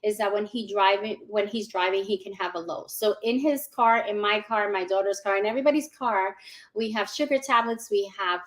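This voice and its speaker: Giving a testimonial as a guest in a casual interview, a woman in her forties speaks briskly in a mid-range voice. Animated throughout, she laughs often and performs the lines people said to her.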